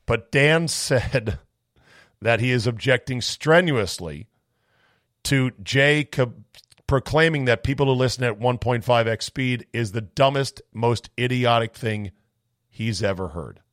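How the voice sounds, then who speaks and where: A man hosting a podcast, reading listener mail in a wry, sarcastic, rambling way, his voice slightly hoarse. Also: mid-range voice, a little slow, fairly bright tone, no echo, clean studio sound. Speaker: podcast host.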